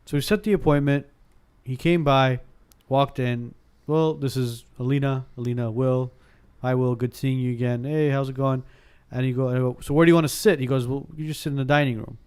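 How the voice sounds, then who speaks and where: In a medium-pitched, clean-toned voice, a man in his thirties tells a ghost story in casual podcast chat, speaking fairly quickly with few pauses. He acts out the dialogue animatedly and often starts his sentences over.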